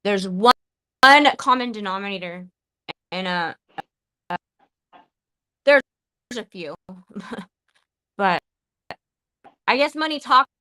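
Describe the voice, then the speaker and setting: A woman's voice: medium pitch, expressive, slow, long pauses, bright, forceful tone, clean tone, no echo, poor audio. A woman hosting a live podcast, talking in an emotional, profane way and often stopping and restarting her sentences. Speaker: podcast host.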